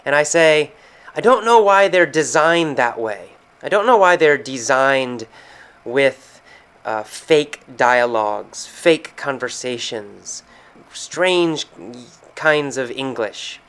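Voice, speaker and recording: A man with an American accent teaches English vocabulary at an unhurried pace. His voice is smooth and clear, sitting in a middle pitch, and he keeps stopping to act out short everyday phrases before explaining them. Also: lively intonation, a bit bright. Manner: slow, patient explanations with quoted example phrases. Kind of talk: explaining vocabulary from a recorded conversation. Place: San Francisco.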